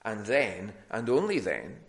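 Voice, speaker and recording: A man's voice: lowish voice, very animated, measured pace. A man preaching a sermon in a plain teaching tone, with frequent ums and restarts.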